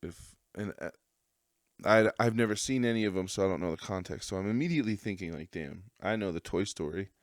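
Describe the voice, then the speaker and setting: Deep-voiced man ranting casually. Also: brisk, no room sound, clean studio sound. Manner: profane, rambling, laughs at his own stories. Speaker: podcast host. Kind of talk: casual storytelling monologue.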